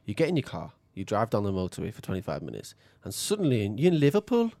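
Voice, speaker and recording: A man's voice: fairly low pitch, wildly swooping pitch, quick pace, gravelly, darkish tone, no room sound. A man hosting a casual chat, playful and teasing, and often laughing.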